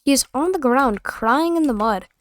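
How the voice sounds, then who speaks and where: A woman's voice: high-pitched, animated, normal speed. Sarcastic young woman telling a story. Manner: slangy, rambling, sarcastic. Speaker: vlogger. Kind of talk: casual storytime.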